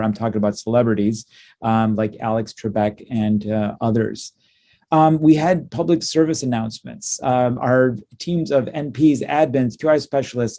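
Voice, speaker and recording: Male clinician presenter, mellow voice, hesitant delivery with frequent fillers, conference talk. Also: mid-range voice. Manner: halting, many ums and uhs, warm and upbeat.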